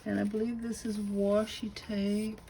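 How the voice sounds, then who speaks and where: A woman with a Southern US accent showing a crafted notebook to her camera at home, gushing with admiration and slipping into breathy asides. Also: medium pitch, little pitch movement, measured pace, dark tone, a little hiss or hum, rough recording. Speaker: craft channel host. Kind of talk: casual unboxing show-and-tell.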